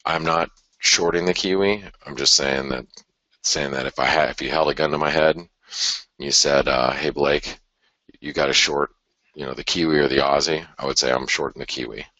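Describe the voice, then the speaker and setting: A man's voice: a bass voice, steady tone, normal speed, sharp tone, dry recording. A man hosting a live forex chart analysis, thinking aloud in a conversational way with sighs and restarts. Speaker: forex market analyst host.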